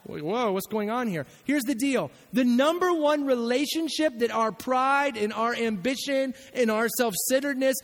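A man preaching a sermon as pastor, animated and acting out the voices he quotes. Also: very high-pitched, in a large hall.

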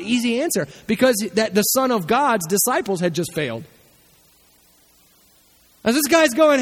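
High-voiced preacher in a reverberant hall. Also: male voice, moderate pace, long pauses. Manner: animated storytelling, acting out voices. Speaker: pastor. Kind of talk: sermon.

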